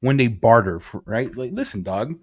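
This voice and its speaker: A man co-hosting a podcast in casual chat, telling stories with lively acted-out quotes. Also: mid-range voice, moderate pace, slightly rough. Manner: animated storyteller, acts out quotes. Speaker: podcast co-host.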